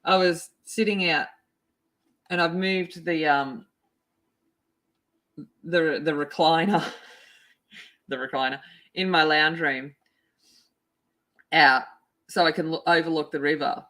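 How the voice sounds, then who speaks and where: A chatty woman talks loosely to her livestream viewers while she colors, her voice sitting a little on the low side. She greets people in the chat by name and gets excitable. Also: takes it slowly, long pauses. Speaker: art livestream host.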